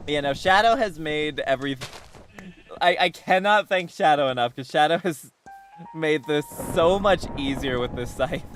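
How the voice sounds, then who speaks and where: A man's voice: a little high, moderate pace, a bit bright, faint music behind. A man chatting casually while streaming a game, rambling with many restarts and bursts of laughter. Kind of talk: casual game livestream chat.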